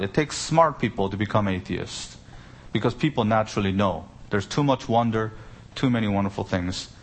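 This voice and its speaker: A man preaching an expository sermon, stressing key words with sudden lifts and asking rhetorical questions. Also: mid-range voice. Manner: explains Greek grammar with rhetorical questions. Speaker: pastor.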